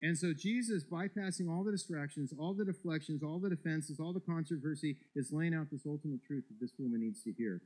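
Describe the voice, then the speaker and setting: Emphatic higher-voiced male preacher. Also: fairly quick, few pauses, darkish tone, poor audio. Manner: emphatic preaching, repeats words when building a point. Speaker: pastor. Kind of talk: sermon.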